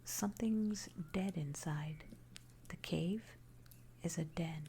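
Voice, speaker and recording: A woman voicing a stern, secretive male jungle guide in a hissed, hushed warning whisper. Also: on the low side, takes it slowly.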